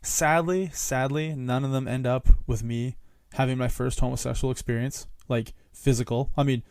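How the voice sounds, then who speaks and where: A man's voice: mid-range voice, steady tone, normal speed, a little mellow, smooth, no echo. A man hosting a podcast, casually telling a rambling story and laughing between lines. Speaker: podcast host. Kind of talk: casual chat.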